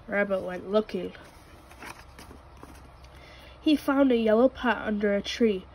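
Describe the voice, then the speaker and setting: A woman reading a children's picture book aloud, telling it gently and clearly. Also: medium pitch, slow, long pauses, a little hiss or hum, rough recording. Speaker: storybook reader.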